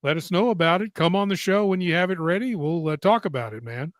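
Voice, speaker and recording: A man's voice: sits high, quick pace, no room sound, clean studio sound. Chatty man hosting a live stream. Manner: chatty, reads viewer comments aloud. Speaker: host. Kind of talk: casual live-stream chat.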